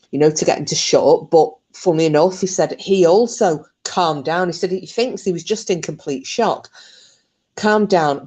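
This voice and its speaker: Woman with a low voice telling a true story, laughs a lot, swears loads. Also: a little mellow. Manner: chatty, swears freely, laughs often. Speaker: storytelling channel host. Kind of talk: casual retelling of a true story.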